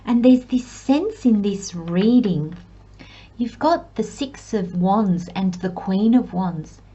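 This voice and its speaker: A woman giving a pick-a-card tarot reading who speaks to viewers as piles, reflective and gently encouraging, with self-deprecating asides. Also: medium pitch, animated, slow pace, slightly rough, lo-fi sound. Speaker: tarot reader.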